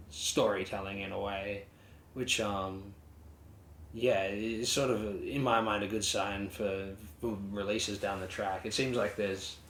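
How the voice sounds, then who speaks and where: A man with a fairly low pitch and fairly bright tone co-hosts a casual music review podcast. He rambles with many fillers and restarts, and the recording sounds roomy with faint ambient noise.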